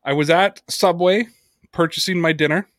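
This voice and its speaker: A man hosting a sports podcast, telling stories in a casual, profane, animated way. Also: a little high, moderate pace, dry recording, clean studio sound. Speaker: podcast host.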